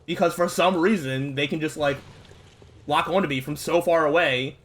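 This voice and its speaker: A young man giving casual let's-play commentary, frustrated and swearing at the game, with outbursts and low muttering. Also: moderate pace, fairly bright tone, a little hiss or hum. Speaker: gaming streamer.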